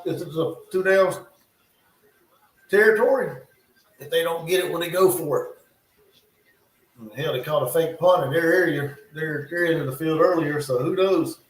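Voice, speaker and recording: A male streamer with a fairly high, slightly mellow voice provides loose, casual commentary on a football game live, thinking aloud and muttering offhand asides. He records at home in North Carolina, where the room has a spacious echo.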